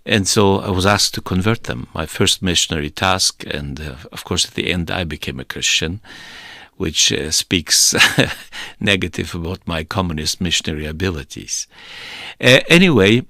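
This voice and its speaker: A man from the Soviet Union telling his personal testimony, hesitant with many fillers but animated. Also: low voice, gravelly, no echo, clean studio sound. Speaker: speaker giving testimony.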